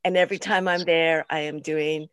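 A woman's voice: low voice, steady tone, moderate pace, smooth, no echo. A woman sharing in a group video call, talking in an enthusiastic, rambling and explanatory way. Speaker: circle participant. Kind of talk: casual sharing.

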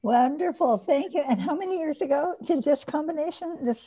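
A woman facilitating a group sharing circle over a video call, talking in a gentle, affirming way. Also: high voice, fairly quick, poor audio. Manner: gentle, affirming, warmly encouraging.

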